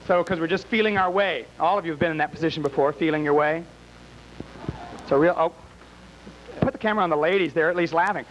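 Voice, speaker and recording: A man's voice: a little high, fast talker, long pauses, a little hiss or hum, low-quality recording. A man emceeing a live game show in a small bar, teasing and wisecracking with the contestants and the crowd.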